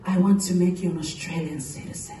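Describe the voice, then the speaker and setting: A woman's voice: fairly low pitch, steady tone, a little fast, heavy background noise, pitched below the performer's own voice, lightly acted. An eager lovestruck boyfriend, as a woman puts him on. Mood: earnest. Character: adoring boyfriend, young man, eager. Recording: echoey live room, from far off.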